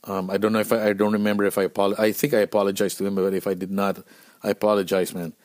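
A middle-aged man from the Philippines telling a tour story on his own show, animated and profane, acting out what people said. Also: lowish voice, fast talker. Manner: animated, profane, acts out quotes. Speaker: podcast host and band musician. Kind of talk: casual storytelling monologue.

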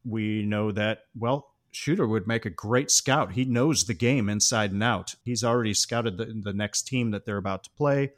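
A man on a podcast casually discussing a film, recounting scenes in an animated way and often laughing as he talks. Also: lowish voice, moderate pace, hardly any pauses. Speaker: podcast co-host.

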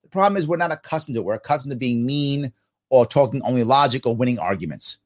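A man hosting a podcast, answering viewer comments in casual talk, animated and emphatic, asking himself rhetorical questions. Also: medium pitch, quick pace.

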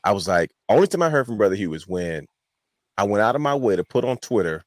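A man's voice: on the low side, very animated, fast, no echo. A man hosting a wrestling podcast, telling a long rambling story in casual chat. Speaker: podcast host.

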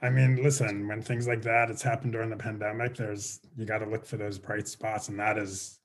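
A man's voice: on the low side, level tone, brisk. A man interviewing a guest, asking friendly, curious questions in a casual chat.

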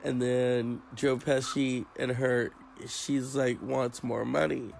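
A man hosting a casual chat, rambling and crude in a deadpan way. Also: mid-range voice, slow, vocal fry, faint music behind, low-quality recording.

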